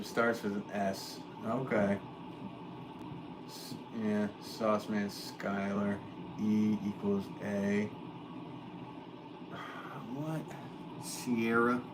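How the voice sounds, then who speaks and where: A man talks loosely to his live-stream viewers from a pottery studio, wandering between thoughts and joking at his own expense. His voice sits on the low side. A steady layer of background noise runs under everything. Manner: rambling, self-deprecating, chuckling. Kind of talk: casual live-stream chat.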